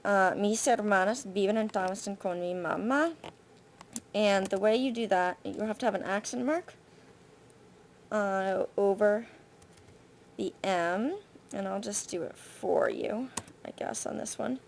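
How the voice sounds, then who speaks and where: A woman Spanish teacher, recording patient spoken feedback on a student's essay, thinking aloud with frequent pauses and fillers. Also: mid-range voice, vocal fry, a little hiss or hum. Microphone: computer mic for screen recording.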